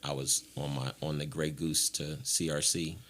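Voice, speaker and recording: Man, very deep voice, from Ohio, podcast guest, frank rambling storytelling. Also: flat delivery, moderate pace, a bit bright. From Ohio, USA. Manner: frank, rambling, acts out what others said. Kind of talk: candid personal storytelling.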